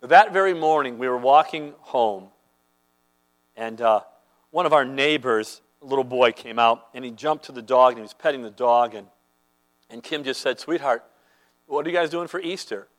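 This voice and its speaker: A man's voice: medium pitch, moderate pace, low-quality recording. A man preaching a sermon as a pastor, earnest and conversational, telling everyday stories to make his point.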